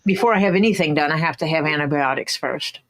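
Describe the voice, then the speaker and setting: A woman's voice: low-pitched, fast, crowd noise. Woman, livestream co-host, casual chat, frank and outspoken. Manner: frank, talks about her anxieties.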